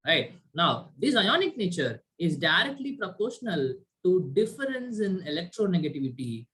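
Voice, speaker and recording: A man's voice: high voice, sing-song, moderate pace, a bit bright. A male chemistry teacher giving an online class, quizzing students and tagging his points with "right?". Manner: quizzes students, frequent "right?" tag questions. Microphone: video call.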